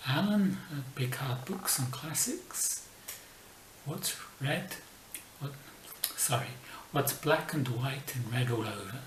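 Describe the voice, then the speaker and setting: A man casually telling book jokes as a vlogger, dropping his punchlines softly, sometimes in a whisper. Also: mid-range voice, slow, far from the mic. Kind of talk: casual joke telling to camera. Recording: echoey room, mic set back, faint noise.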